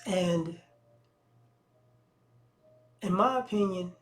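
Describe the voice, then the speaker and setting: A man hosting his own channel, giving relaxed, conversational commentary full of slang and restarts. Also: high voice, drawn-out words, faint music behind. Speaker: channel host. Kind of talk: casual video commentary.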